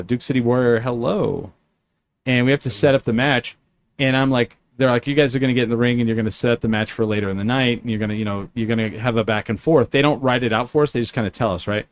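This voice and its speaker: Man, casual host, mid voice, rambling animated anecdote, lots of "like". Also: mid-range voice, smooth. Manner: animated storyteller, many fillers and restarts. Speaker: podcast host. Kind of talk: casual chat.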